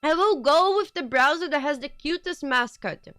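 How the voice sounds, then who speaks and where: Brief: high-pitched woman streamer, giggly and rambling, casual desk-mic chat. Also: normal speed, no room sound, studio quality. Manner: excitable, giggly, rambling asides. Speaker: streamer hosting a watch party.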